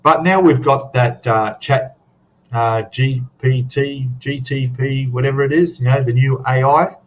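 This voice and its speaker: An Australian man talks loosely to his live viewers, wandering from one thought to the next and tagging his remarks with a questioning "eh?". His voice sits in a middle pitch, and the stream audio sounds dull and lo-fi. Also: unhurried. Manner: rambling, chatty, tags questions with "eh?". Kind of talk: casual chat to a live audience.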